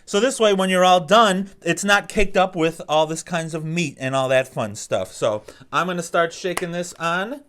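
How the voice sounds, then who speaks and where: A man's voice: sits high, normal speed, few pauses, fairly bright tone. A man hosting a casual cooking demonstration, talking in an easygoing, instructive and encouraging way. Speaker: cooking show host.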